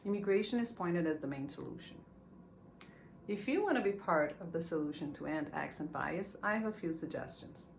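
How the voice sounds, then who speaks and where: Woman speaker, somewhat low voice, earnest measured talk, faint hiss behind. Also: expressive, vocal fry. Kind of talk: prepared talk. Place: stage.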